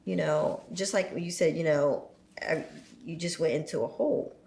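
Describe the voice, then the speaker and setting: A woman in a casual podcast conversation, speaking in a reflective, measured way with many fillers. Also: deep voice, gravelly, a little mellow. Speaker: podcast guest. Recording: echoey room with faint noise.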